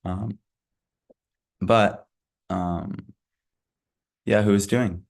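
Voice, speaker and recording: Low-voiced man teaching scripture, with hiccups. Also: fairly even intonation. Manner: halting, many fillers and restarts. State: has hiccups. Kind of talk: casual scripture lesson.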